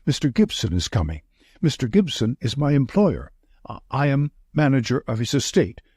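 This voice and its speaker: A thin, twitchy estate manager, as a man reads him who hurries through breathless, urgent sentences. The voice is husky and rises and falls a lot. It sounds dry. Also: mid-range voice, big pitch swings, moderate pace, a little mellow, no echo. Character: nervous, frightened thin male estate manager.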